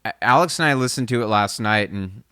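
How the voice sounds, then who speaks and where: A man's voice: on the low side, a little fast, clear, resonant tone, dry recording. Guy on a music podcast, casual chat, gets fired up, dry close sound. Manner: animated, quotes people in a keyed-up voice. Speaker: podcast co-host.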